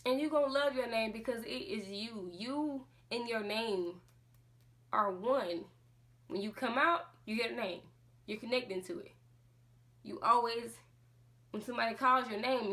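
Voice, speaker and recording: Impassioned woman vlogger, bright voice. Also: a little high, moderate pace. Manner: impassioned, full of rhetorical questions. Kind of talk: casual monologue to camera.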